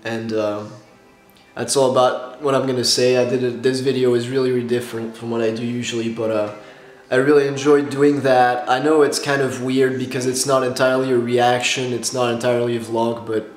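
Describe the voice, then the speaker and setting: A man's voice: medium pitch, a little fast. Guy vlogging all worked up and tired, laughing and restarting, mid voice, echoey room. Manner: gushing and excitable, with nervous laughs and restarts. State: tired after staying up all night. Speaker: YouTuber reacting to a film marathon. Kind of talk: casual emotional reaction vlog. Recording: roomy echo with soft music behind.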